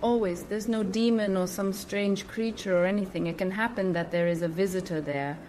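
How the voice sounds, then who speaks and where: A woman speaks in a middle-pitched, everyday voice, hosting her own channel in a relaxed monologue. She stresses points by repeating single words, and her sentences come out a little awkward. A faint background noise sits under her voice. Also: moderate pace. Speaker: spiritual channel host. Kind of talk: casual explanatory monologue.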